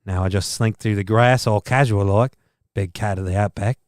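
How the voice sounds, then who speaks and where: A man's voice: a little high, measured pace, a bit bright, smooth, dry recording, studio quality. A man voicing a cocky, boastful male leopard that swears crudely. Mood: sly.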